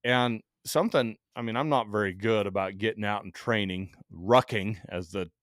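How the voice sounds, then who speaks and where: Man, low voice, dry close mic, relaxed measured guest, dry humor. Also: no room sound. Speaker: podcast guest, firearms expert. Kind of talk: casual chat.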